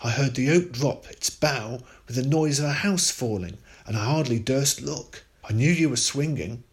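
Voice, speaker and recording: A man doing a frantic shouting farmer. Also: medium pitch, expressive, moderate pace, voice pushed up, natural voice.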